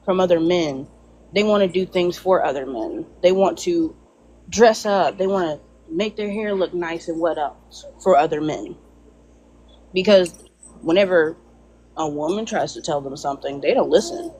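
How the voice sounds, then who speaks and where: High-pitched man, casual, wry delivery to a room. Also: measured pace, a little mellow, slightly rough. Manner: teasing, making a point. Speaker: panelist. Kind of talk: casual live discussion.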